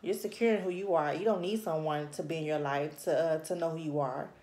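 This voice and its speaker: A woman's voice: low-pitched, steady tone, a little fast, a little mellow, echoey room. A woman reading tarot to camera in a blunt, scolding, heavily profane casual manner. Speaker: tarot reader.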